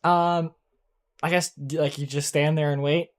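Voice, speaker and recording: A game master narrating a tabletop game in a halting way, full of fillers and restarts. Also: medium pitch, little pitch movement. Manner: halting, filler-heavy, self-correcting.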